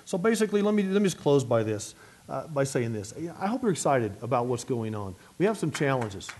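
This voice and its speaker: A middle-aged man, a city mayor, giving an energetic luncheon speech and answering questions, talking fast with frequent restarts. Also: medium pitch, slight background noise.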